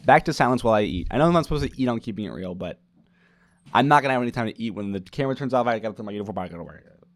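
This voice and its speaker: Young man, casual podcast host, dry close sound, mid pitch, chatty. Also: animated, racing, dry recording. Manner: chatty, practicing a radio-style broadcast voice. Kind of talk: casual chat to camera. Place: home kitchen.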